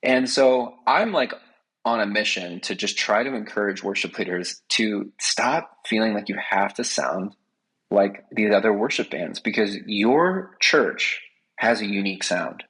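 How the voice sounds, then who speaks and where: Man, podcast guest, earnest, passionate, low voice, slightly raspy. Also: unhurried, a bit bright, low-quality recording. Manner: earnest, passionate, many fillers. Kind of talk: casual podcast conversation.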